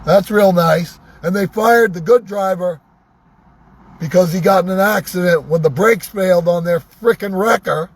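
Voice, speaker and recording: A worked-up man ranting sarcastically in a vlog from inside a vehicle, his voice going hoarse. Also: high-pitched, normal speed, no echo. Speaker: vlogger. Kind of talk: angry ranting monologue.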